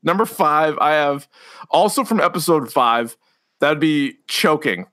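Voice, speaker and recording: Male podcast co-host in a studio, animated pitch, acts out lines while recapping sketches. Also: a little slow. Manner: laughs hard while retelling, acts out quotes. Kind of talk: casual chat, retelling sketches. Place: radio studio.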